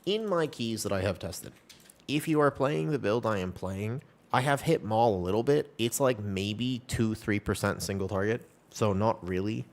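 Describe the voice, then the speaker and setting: Low-voiced man chatting on a stream. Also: normal speed. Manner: rambling, upbeat, reassuring to chat. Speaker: live streamer. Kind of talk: casual live-stream chat.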